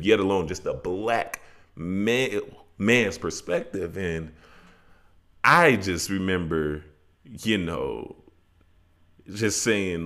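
A man talking through a song in a casual podcast chat, reflective and full of "you know" asides. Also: sits low. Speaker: podcast co-host.

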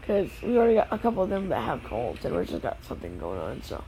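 A woman filming her children playing outside in the snow, narrating casually and calling out gentle, firm warnings to the kids. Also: on the low side, wildly swooping pitch, fast talker, slight background noise, poor audio. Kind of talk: casual family vlog. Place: outdoors in the snow.

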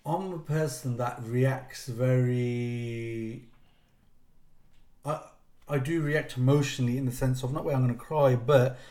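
Male host in his thirties, casual and rambling, mid-pitched voice. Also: fairly even intonation, a little slow, pauses often, dark tone. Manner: rambling, repeats himself while searching for words. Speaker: podcast host. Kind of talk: casual interview chat.

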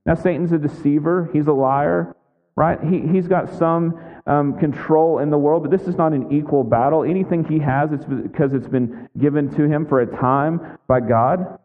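A man's voice: fairly high pitch, normal speed. A man preaching a sermon as pastor in a conversational way, with frequent asides asking his listeners. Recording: tinny lo-fi sound in a big echoing hall.

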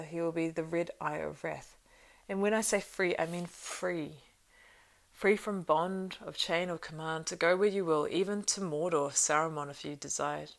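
A woman reading the part of a stern, commanding old male wizard in an audiobook, grave and measured, with a low, gravelly voice.

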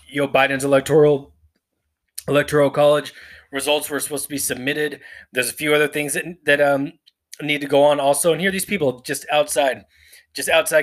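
A man's voice: medium pitch, a bit bright. A man hosting a podcast, giving unscripted live commentary in a rambling, profane way, with constant fillers, restarts and an indignant tone. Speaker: podcast host.

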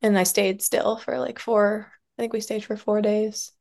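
A woman speaking softly and from the heart in a reflective interview, with many pauses and fillers. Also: medium pitch, level tone, creaky. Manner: soft, heartfelt, with many likes and trailing pauses. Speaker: podcast guest, somatic practitioner and dance teacher.

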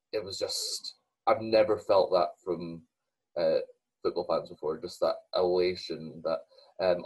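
Young Scottish male co-host, husky lowish voice, halting casual delivery with lots of ums. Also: a little mellow, poor audio. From Scotland. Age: young adult. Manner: hesitant, many fillers and restarts. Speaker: podcast co-host. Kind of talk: casual chat.

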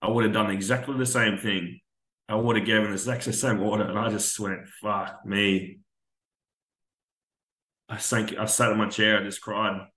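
An army veteran appearing as a podcast guest tells a raw, candid personal story, swearing freely and acting out dialogue. His voice is fairly low and a bit bright, with fairly even intonation and a slightly fast pace, in a roomy, echoing recording.

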